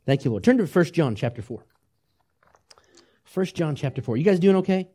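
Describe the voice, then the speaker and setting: A man preaching a sermon to his congregation, swinging between loud, urgent emphasis and hushed, tender asides, asking questions and leading them in repeating phrases. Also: on the high side, animated, moderate pace, long pauses, husky. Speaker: pastor.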